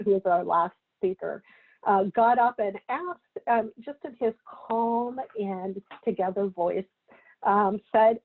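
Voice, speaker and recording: A woman's voice: medium pitch, creaky. Woman lecturing over tinny phone-like audio. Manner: unhurried, frequent ums and uhs. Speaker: public health presenter. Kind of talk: conversational online lecture. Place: Seattle area.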